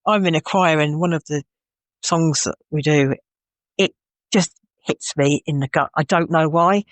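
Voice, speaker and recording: A woman's voice: low voice, a little slow, no room sound. A woman co-hosting a podcast in casual chat, talking candidly and reflectively as she thinks aloud. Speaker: podcast co-host.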